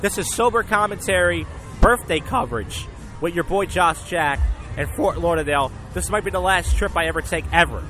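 A high-voiced man from Philadelphia talks into his phone outside a bar, rambling and cursing freely, now and then breaking into shouts. Loud music and street noise fill the background of this outdoor recording. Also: moderate pace. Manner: profane, rambling, bursts of shouting. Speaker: vlogger. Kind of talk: casual rambling recap. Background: loud music and traffic.

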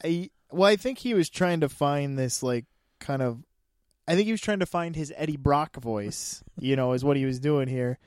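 A man with a slightly higher voice chats through a movie review on a podcast, laughing easily between his points. His sentences stop and restart as he thinks aloud. The sound is dry and close, with no room around it. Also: moderate pace, no room sound. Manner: laughs often, animated, many restarts. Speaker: podcast co-host. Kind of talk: casual movie review chat.

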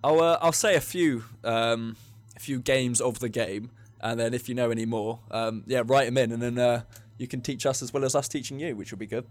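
A man's voice: medium pitch, steady tone, fairly quick, hardly any pauses, dry recording. A young English man co-hosting a podcast, telling rambling drinking stories in casual chat and laughing often. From England. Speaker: podcast co-host.

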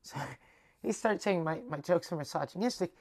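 A man's voice: high-pitched, normal speed. A young Canadian man hosting a podcast, telling a long rambling story with lots of swearing and acted-out dialogue. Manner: rambling, animated, swears freely, acts out quoted dialogue. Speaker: podcast host. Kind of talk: casual storytelling monologue.

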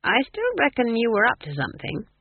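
A woman's voice: on the high side, brisk, creaky, breathy edge, no room sound, voice pushed up, exaggerated voice. A reader doing a stern, curt old witch. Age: older. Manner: flat, curt and disapproving. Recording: tinny, dry phone-like audio.

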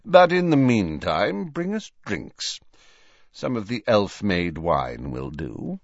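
Brief: man playing a cold, sardonic middle-aged wizard, deep and languid, with a lazy sneer. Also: sing-song, slow, no room sound, heavily acted. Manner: silky, lazy drawl, mocking. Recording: dull, dry studio recording.

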